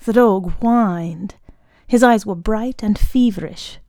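A woman narrating a short story aloud in a calm, measured way. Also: medium pitch, no room sound, clean studio sound. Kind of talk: audiobook reading of a short story.

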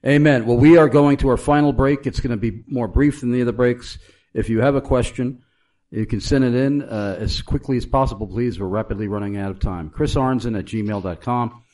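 A man hosts a live radio program in a brisk manner, tossing in affirmations and moving the show to its break. He has a plain, mid-pitched voice. He asks listeners to write in quickly before time runs out. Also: darkish tone. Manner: brisk, affirming with amens and hallelujahs.

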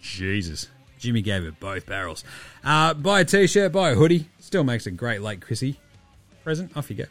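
A man's voice: mid-range voice, sing-song, normal speed, a bit bright, dry recording. An Australian man in his thirties hosts a basketball podcast. He talks in a loose, rambling way and swears constantly, and he sounds a bit tipsy. Faint music sits in the background. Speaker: podcast host. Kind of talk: casual podcast chat.

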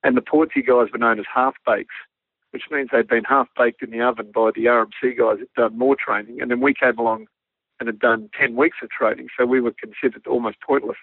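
Australian man, gravelly voice, thin phone-line sound, relaxed storyteller. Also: mid-range voice, fairly quick, dry recording. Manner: relaxed, self-deprecating, laughs while telling stories. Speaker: guest, former Army pilot. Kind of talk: anecdotal interview storytelling.

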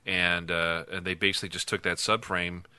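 A man in his thirties co-hosting a podcast, telling a story in an animated, laughing way. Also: deep voice, fairly quick, clean tone, dry recording. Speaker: podcast co-host. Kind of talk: casual storytelling chat.

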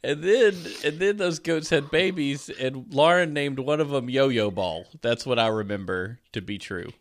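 A man's voice: mid-range voice, a little slow. A man hosting a casual comedy podcast, goofing around with jokes and laughing asides. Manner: goofy, jokey, lots of laughing asides. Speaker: podcast host.

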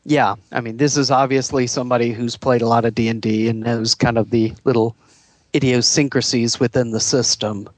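Brisk and flat in delivery, this medium-pitched male co-host chats about old gaming comics on a podcast, with no echo. He's amused and laughs along, often trailing off before starting over.

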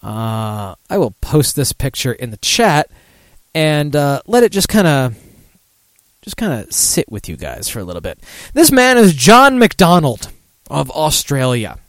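A man's voice: fairly high pitch, sing-song, a little slow, no room sound. A man hosting a casual one-man talk show, rambling and swearing, laughing at his own remarks. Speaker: radio show host.

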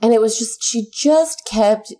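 A woman's voice: fairly high pitch, a little slow, warm tone. A woman, a mother in her thirties, earnestly telling a personal story in a casual chat, swearing now and then when heated.

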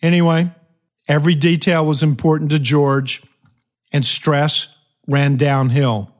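A man hosting a motivational podcast, telling a story emphatically with dramatic pauses and shifting pace. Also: a little high, flat delivery. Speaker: podcast host.

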